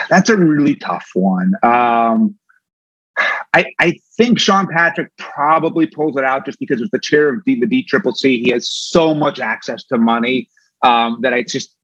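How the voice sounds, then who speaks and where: A man being interviewed, talking fast with frequent restarts and fillers. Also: mid-range voice, a bit bright, no room sound, muffled recording. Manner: quick, with many restarts. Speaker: guest, former campaign manager.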